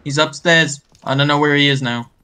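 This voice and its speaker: Gamer guy, bright tone, playful, laughs a lot, casual voice chat on a headset. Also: a little high, fairly even intonation, a little fast, clean tone. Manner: chatty, laughs often, playful.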